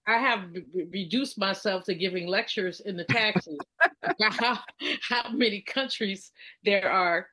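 Woman interviewer, emphatic, fires off follow-up questions, mid pitch. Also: normal speed, sharp tone, poor audio. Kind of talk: conversational interview.

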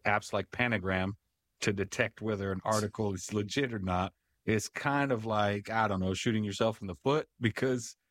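A man who is a freelance writer, speaking relaxed with pauses as a radio show guest. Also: fairly low pitch, no room sound. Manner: relaxed, with hesitations and fillers. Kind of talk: radio talk show discussion.

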